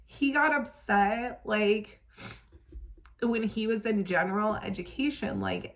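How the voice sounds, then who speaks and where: A woman's voice: medium pitch, vocal fry. A young woman telling a personal story as a parent vlogger, emotional and full of "um" and "like" fillers. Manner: emotional, tearful at times, many fillers like "um" and "like".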